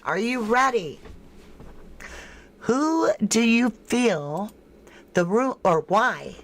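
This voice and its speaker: In a medium-pitched voice, a woman hosts a true crime livestream with casual commentary. She thinks aloud and responds to viewers' chat comments by name, voicing frank disbelief.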